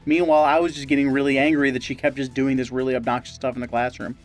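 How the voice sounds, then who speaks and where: A man co-hosting a casual gaming-channel chat, telling stories and deadpan absurd jokes. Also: mid-range voice, quick pace, soft background music. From Great Lakes region, US. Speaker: co-host.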